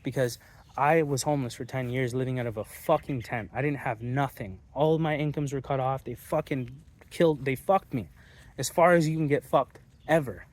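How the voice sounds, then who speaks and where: A man holds forth to his viewers in a loose, unscripted monologue. He is blunt and combative, and he swears often. His voice sits at an ordinary pitch for a man. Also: moderate pace. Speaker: channel host.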